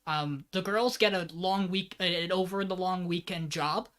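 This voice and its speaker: A man's voice: sits high, measured pace, a bit bright. A man co-hosting a podcast, giving a loose, joking plot recap and swearing freely. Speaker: podcast co-host.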